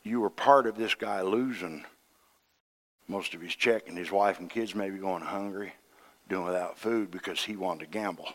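Animated middle-aged male preacher. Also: low-pitched, moderate pace. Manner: animated storytelling that swings from hushed to loud; acts out dialogue in quoted voices. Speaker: associate minister. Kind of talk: sermon.

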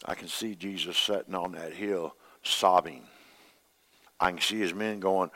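An older man preaching a sermon as pastor, swinging between loud emphasis and hushed, quiet passages. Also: deep voice, fairly even intonation, a little slow.

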